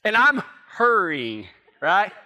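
A folksy, middle-aged pastor with a drawl preaches a sermon in a high, bright, forceful voice. Very animated yet slow, he spins a story for his congregation and jokes along the way.

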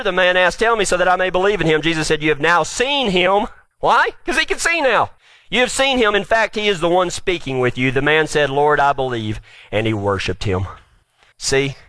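A male preacher giving a sermon, retelling scripture with animated storytelling, then dropping to a quiet, earnest appeal. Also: a little high, a little fast, no room sound. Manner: animated storytelling, acts out the quoted speakers.

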